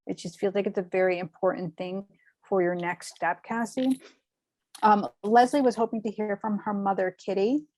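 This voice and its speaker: A woman hosting a spiritual show, giving medium readings in an animated, gushing way with lots of fillers. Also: mid-range voice, normal speed, dry recording. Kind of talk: spiritual reading, casual chat.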